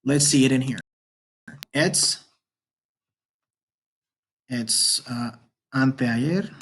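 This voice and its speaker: A man teaching a beginner Spanish lesson from slides, patiently repeating each example with many pauses. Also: medium pitch, a bit bright, slightly rough. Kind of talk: online language lesson explaining slides.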